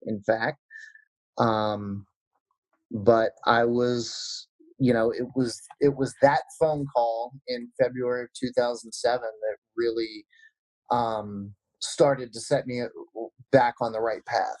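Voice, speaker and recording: Male guest musician, measured and reflective, dry recording. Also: medium pitch, flat delivery, no echo, poor audio. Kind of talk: casual interview answers.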